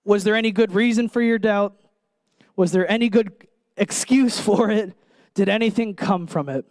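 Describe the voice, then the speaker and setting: A man preaching a sermon in an earnest, emphatic way, pausing and putting direct questions to his listeners. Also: high-pitched, darkish tone, no echo.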